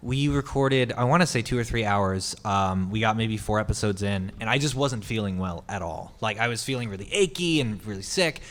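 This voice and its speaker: A man on a convention panel, recalling his first day of recording in a relaxed, hesitant way. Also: on the low side, brisk, few pauses. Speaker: voice actor panelist. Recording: long hall reverb.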